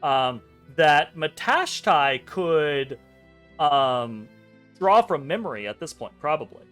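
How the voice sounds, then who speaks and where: A man narrating as game master of a tabletop game, rambling and correcting himself with quick laughs. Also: on the high side, very animated, a bit bright, soft background music. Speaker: dungeon master.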